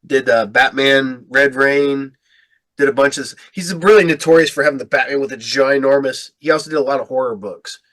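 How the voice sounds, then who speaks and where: A man's voice: medium pitch, brisk, fairly bright tone. A man hosting a casual podcast chat, speaking in loose sentences that trail off and restart. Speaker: podcast host.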